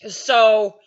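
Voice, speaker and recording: Older woman vlogger, brash and self-deprecating storyteller who swears freely; slightly high voice, muffled mic. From Wisconsin, US. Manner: blunt, swears a lot, self-mocking. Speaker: gaming channel host. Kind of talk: casual storytelling.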